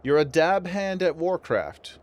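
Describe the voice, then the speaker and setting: A man reading aloud the lines of a rough-talking townsman from a game, in colloquial dialect grammar. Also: fairly high pitch, lively intonation, a little slow, darkish tone, dry recording, pitched above the performer's own voice.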